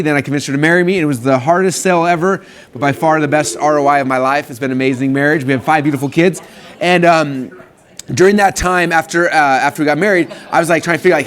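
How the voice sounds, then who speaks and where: A man in his thirties hosting a live stream, telling his story in a casual, eager, excitable way. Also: a little high. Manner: eager, excitable, talks in rapid bursts.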